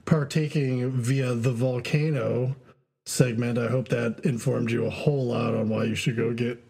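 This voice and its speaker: A relaxed man co-hosting a casual podcast, voice a little husky and breathy. He talks in an easygoing way, full of "um"s and quick laughs. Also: medium pitch. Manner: laid-back, laughs often, many fillers. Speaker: podcast co-host. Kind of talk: casual chat.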